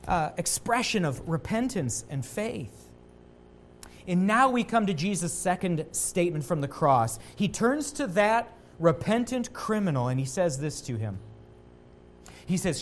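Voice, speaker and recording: A man preaching a sermon as a pastor, earnest, rising louder on quotations and dropping low and quiet at key points. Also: a little hiss or hum.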